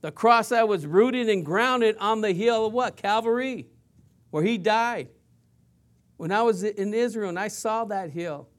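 A pastor preaching with a high-pitched voice. He is impassioned, and his delivery swings from loud appeals to hushed, quiet passages. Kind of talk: sermon.

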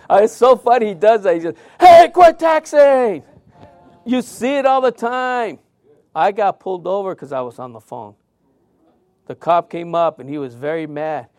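A man preaches with a high, lively voice, telling stories with sudden loud outbursts and hushed drops. His sound is dry and close, with no room echo. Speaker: pastor. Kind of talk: sermon.

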